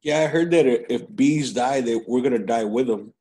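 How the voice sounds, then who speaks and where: A man's voice: mid-range voice, normal speed, mellow. A man hosting a podcast, chatting in a laid-back, slangy, agreeable way. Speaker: podcast host. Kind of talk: casual podcast chat.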